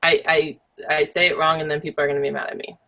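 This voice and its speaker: A woman co-hosting a casual chat, wry with deadpan asides and trailing restarts. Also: deep voice, fast. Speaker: co-host.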